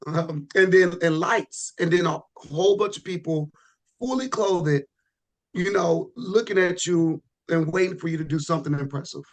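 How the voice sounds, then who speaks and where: Podcast guest, male: easygoing and rambling, restarts a lot, pitched a touch high. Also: moderate pace. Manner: relaxed, rambling with frequent restarts and "you know". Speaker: podcast guest, pro bodybuilder. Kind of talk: casual podcast chat.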